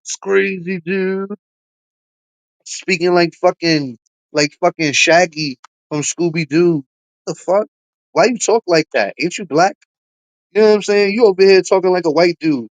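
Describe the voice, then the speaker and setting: A man's voice: high-pitched, normal speed, no room sound, lo-fi sound. Profane trash-talking male streamer. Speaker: livestream host. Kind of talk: heated livestream rant.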